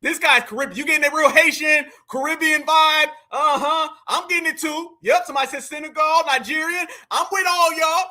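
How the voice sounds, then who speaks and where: A man's voice: very high-pitched, fairly even intonation, fairly quick, few pauses, pushed and bright. A man hosting a live stream, reacting to clips with slangy, mocking commentary and talking straight to his chat. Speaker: livestream political commentator.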